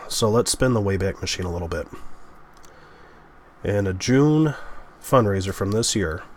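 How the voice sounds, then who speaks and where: A man with a fairly low voice delivers political commentary for a vlog. His tone is sarcastic, and he often sighs between points. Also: expressive, moderate pace, pauses often, a little hiss or hum.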